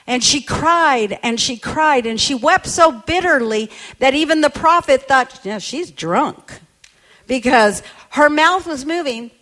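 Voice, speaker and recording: A woman's voice: sits high, unhurried, hardly any pauses, fairly bright tone. A woman preacher telling a story in a sermon, emphatic and quoting people as she goes.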